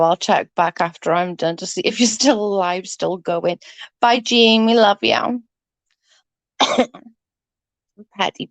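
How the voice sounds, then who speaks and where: A woman speaks in a medium-pitched voice on a close computer mic, with no echo. Congested from hay fever, she chats casually with her livestream viewers, reads out their comments, swears freely and giggles.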